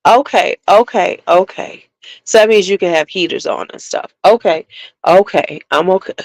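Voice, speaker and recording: Animated woman with chatting on a beauty stream, dry mic. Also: medium pitch, moderate pace, no room sound, poor audio. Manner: chatty, animated, talks to viewers. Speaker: beauty vlogger. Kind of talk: casual livestream chat.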